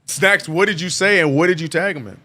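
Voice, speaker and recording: A man hosting a live watch-along stream, chatting casually with his chat and breaking into excited play-by-play calls. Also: fairly high pitch. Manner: laid-back banter, reads chat aloud, gets loud and drawn-out calling plays.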